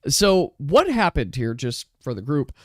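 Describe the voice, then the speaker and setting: A game master narrating a tabletop game in a lively way, laughing and making quick asides to the players, on a close, dry mic. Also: medium pitch, no room sound.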